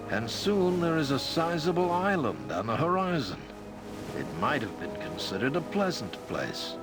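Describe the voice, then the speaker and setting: An actor narrating a fantasy video game in a measured, dramatic way. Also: male voice, medium pitch. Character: solemn male storybook narrator of a fantasy game. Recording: narration over loud game music.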